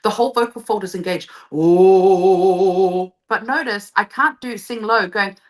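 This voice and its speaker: A woman vocal coach explains her method with eager energy in a live show interview. Her voice is bright and forward, and she slips into short sung phrases to demonstrate. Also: a little high, fairly quick. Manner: enthusiastic explaining, sings short demo phrases.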